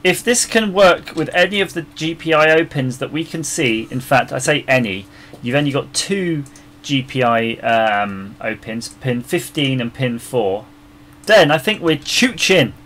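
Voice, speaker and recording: With his mic about three feet off, a man hosts a live stream while designing a circuit board, chatting easily, laughing frequently and muttering as he searches. His mid-range voice is a bit bright, with lively intonation and an unhurried delivery, and there's slight background noise.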